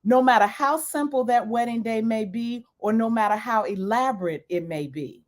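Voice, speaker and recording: A woman's voice: fairly high pitch, normal speed. A woman giving a lecture-style talk on self-care as an educator, repeating key points for emphasis.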